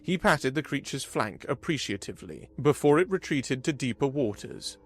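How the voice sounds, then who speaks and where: A man reads a sci-fi story as scripted narration, his pitch ranging widely and expressively. The voice sits at a middle pitch with a storyteller's steady flow. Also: moderate pace.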